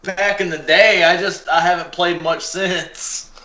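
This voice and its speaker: Bright man in an echoey room. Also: high-pitched, fairly even intonation, measured pace, dull audio. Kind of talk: casual chat.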